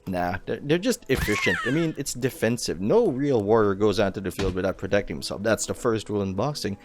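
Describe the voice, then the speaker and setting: A man's voice: on the low side, huge pitch swings, fairly quick, background noise. A tired young man hosting a let's play, rambling casually through tangents and swearing now and then, with faint music behind. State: tired, late night. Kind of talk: casual gameplay commentary.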